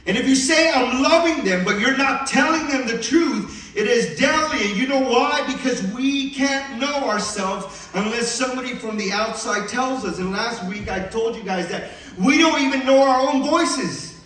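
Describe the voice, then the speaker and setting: Man preaching a sermon, high voice, mumbly delivery, very echoey church hall. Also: moderate pace, a bit bright. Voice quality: mumbles, does not enunciate crisply. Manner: earnest, emphatic preaching with asides to the congregation. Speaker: pastor. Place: church sanctuary. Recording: very echoey hall, distant mic.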